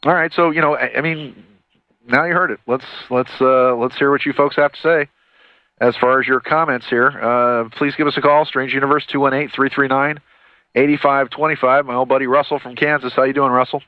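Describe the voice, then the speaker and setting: A man's voice: medium pitch, steady tone, a little fast, dry recording. A middle-aged man hosting a call-in radio show, talking in a loose, rambling way with many restarts. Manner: rambling, conversational, frequent restarts. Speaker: radio talk show host. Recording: dull lo-fi radio audio, dry.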